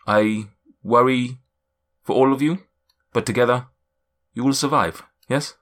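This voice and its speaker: A man voicing a kindly, worried male cloud giant in a put-on German accent, speaking slowly in drawn-out, solemn pronouncements. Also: mid-range voice, a bit bright, lightly acted. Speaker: game master.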